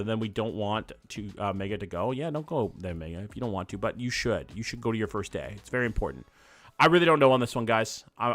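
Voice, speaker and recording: A man's voice: mid-range voice, fairly bright tone, dry recording. A young man, chatting casually with his live-stream chat while playing a guessing game and thinking aloud. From Canada. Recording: dry close mic with faint background music.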